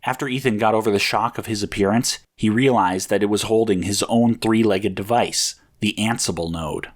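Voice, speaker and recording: A man reading a story aloud as narrator, in measured, even storytelling. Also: fairly low pitch. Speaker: audiobook narrator.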